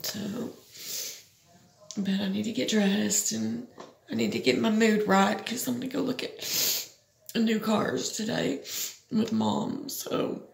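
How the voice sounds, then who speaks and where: Frustrated woman venting, gravelly voice. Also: mid-range voice, very animated, slow, long pauses, roomy sound. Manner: frustrated, rambling, swears. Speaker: vlogger. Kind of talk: venting personal vlog.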